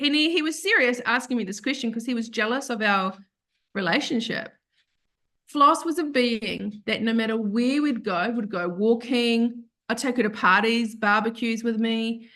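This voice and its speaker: A woman guest on a podcast, telling an emotional personal story in an animated, earnest way and acting out what other people said. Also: fairly high pitch. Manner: earnest, open about grief.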